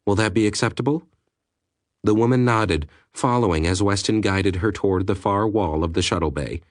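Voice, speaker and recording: A man reading an audiobook aloud in a measured, even narration. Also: deep voice, no echo, clean studio sound. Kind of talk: scripted narration.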